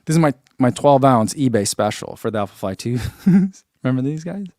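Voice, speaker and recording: A man's voice: medium pitch, lively intonation, fairly quick, a little mellow, dry recording, clean studio sound. A man who reviews running shoes, chatting casually through an unboxing and thinking aloud with lots of fillers.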